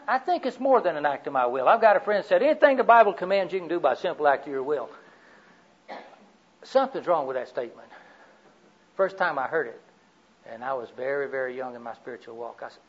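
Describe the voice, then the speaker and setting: An older man preaching a sermon, telling personal stories in a folksy way, swinging from loud to quiet. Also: fairly high pitch, dull audio.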